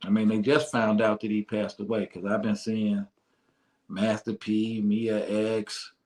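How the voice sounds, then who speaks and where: A man's voice: lowish voice, little pitch movement, a little slow, darkish tone. A man hosting a casual interview show, easygoing and slangy, encouraging his guest. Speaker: radio show host.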